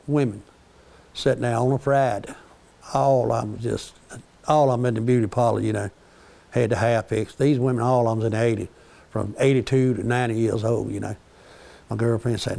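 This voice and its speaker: Older man, gravelly, folksy rambling storyteller, jokes through his tales. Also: mid-range voice, steady tone, normal speed, long pauses, dark tone. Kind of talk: casual storytelling.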